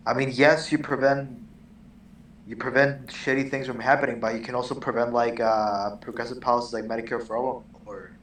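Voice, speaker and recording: A man's voice: medium pitch, steady tone, a little fast, a bit bright. A man co-hosting a casual podcast, talking hesitantly with lots of fillers and the odd swear word. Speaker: co-host. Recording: echoey distant mic with faint background noise.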